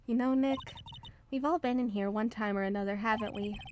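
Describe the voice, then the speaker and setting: A woman's voice: a little high, a little fast, slight background noise, natural voice. A woman voicing a cheerful, blunt young female spirit medium sidekick in a game read-through. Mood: upbeat. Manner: bubbly, blunt and upbeat. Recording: game music underneath.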